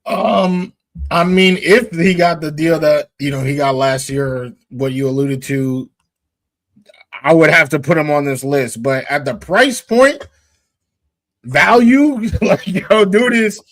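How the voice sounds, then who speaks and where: A man co-hosting a casual sports podcast, animated and slangy, laughing often. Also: fairly high pitch, normal speed. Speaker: co-host. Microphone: streamed podcast mic.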